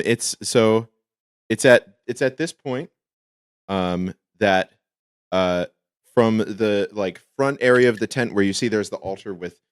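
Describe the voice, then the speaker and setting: A man's voice: low voice, smooth, no echo, clean studio sound. A man narrating as dungeon master in a tabletop game, hesitant and full of ums.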